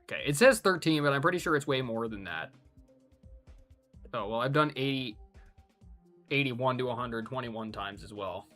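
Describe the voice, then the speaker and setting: A man's voice: mid-range voice, expressive, moderate pace, pauses often, a bit bright, soft background music. A man streaming a hard game live, talking casually with an exasperated, rambling and joking manner.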